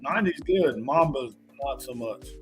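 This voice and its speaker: A man's voice: mid-range voice, lively intonation, normal speed, faint music behind. A man guest chatting casually, teasing and laid-back, sometimes stammering. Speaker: guest player. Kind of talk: casual chat.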